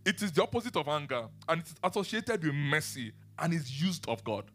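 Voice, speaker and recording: A man preaching a sermon and teaching the Bible, animated, asking his listeners questions and laughing often. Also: a little high, brisk.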